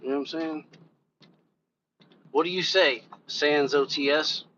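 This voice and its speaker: Casting note: man, live-stream host, bright and fairly high voice, loose rambling delivery, lo-fi audio. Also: fairly even intonation, unhurried. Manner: loose, rambling, curses casually, talks straight to viewers. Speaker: reaction channel host and rapper. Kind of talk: casual live-stream chat. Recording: dull lo-fi sound with faint background noise.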